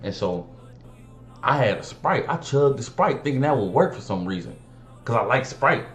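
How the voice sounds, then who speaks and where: A young man with an animated, slangy storytelling manner. He swears freely and acts out the dialogue. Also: medium pitch, moderate pace. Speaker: vlogger. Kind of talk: casual storytime monologue. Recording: roomy room, faint music behind.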